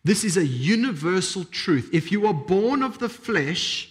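A man preaching a sermon as a pastor, emphatic and repetitive, with dramatic pauses. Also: sits high, expressive.

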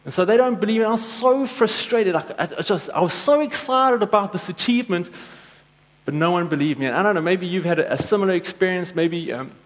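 A man preaching a sermon, telling stories and acting out quotes with lively energy. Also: high-pitched, a little fast, poor audio. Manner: storytelling, animated with acted-out quotes. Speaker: pastor.

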